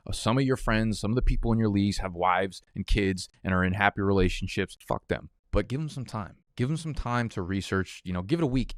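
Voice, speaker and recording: A man fires off hyped, profane fantasy football takes as the show's host. His voice sits on the low side, and the sound is dry and close with no room echo. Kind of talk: energetic casual commentary. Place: studio office.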